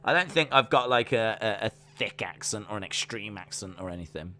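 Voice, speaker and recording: Chatty English man, bright voice. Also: on the low side, expressive, fairly quick, soft background music. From England. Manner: rambling, self-deprecating, frequent restarts. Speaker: wrestling watch-along streamer. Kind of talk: casual live-stream chat reading viewer comments.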